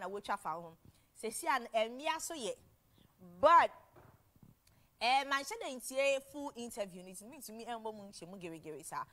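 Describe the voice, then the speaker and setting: A young woman with a Ghanaian accent hosts a TV talk show in a loose, chatty way. Her voice sits somewhat high, and she keeps the energy up with laughter and quick switches between languages. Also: fairly bright tone. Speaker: TV show host. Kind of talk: casual chat mixing English and Twi.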